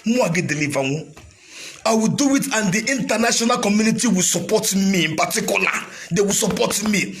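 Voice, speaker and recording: A fiery Nigerian man with an Igbo mother tongue, his voice pitched very high and sharply bright. He declaims to his followers as a militia leader, alternating shouted lines with a sing-song cadence. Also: a little fast. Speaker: self-styled militia leader. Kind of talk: impassioned speech to followers.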